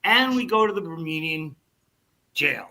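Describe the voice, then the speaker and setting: An older man telling a long anecdote in casual podcast chat, animated and swearing freely as he acts out what people said. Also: a little high, a little slow, poor audio. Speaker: podcast guest storyteller.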